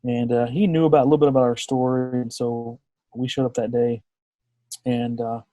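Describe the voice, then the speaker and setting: Guy in his 30s telling a story on a podcast, acts out the quotes, mellow voice, dry close sound. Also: medium pitch, normal speed, dry recording. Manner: lively storyteller who acts out quoted dialogue. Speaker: podcast guest. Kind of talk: personal storytelling in a conversation.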